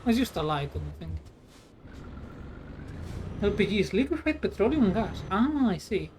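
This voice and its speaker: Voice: mid-range voice, very animated, normal speed, noisy background. A streamer chatting casually while playing a trucking game, rambling and sarcastic, swearing freely. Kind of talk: casual gameplay chat.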